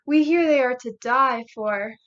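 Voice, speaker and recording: A pack of cheerful little chihuahuas chirps in a sing-song, high voice sprinkled with mock Spanish, as a young woman reading aloud plays them. The recording is muffled and lo-fi. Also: unhurried, a bit bright.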